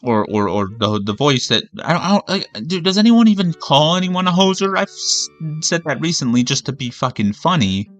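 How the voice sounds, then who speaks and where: A man's voice: on the high side, sing-song, normal speed, hardly any pauses, a bit bright, soft background music. A man from Canada ranting angrily and with a lot of swearing while streaming a game. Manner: angry, profane, rambling rant. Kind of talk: ranting commentary over a game.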